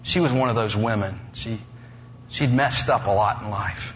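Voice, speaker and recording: A man preaching a sermon, telling stories with lively energy and humorous asides. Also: fairly low pitch, normal speed. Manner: animated storytelling with humorous asides. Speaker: pastor. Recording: dull lo-fi sound with faint noise.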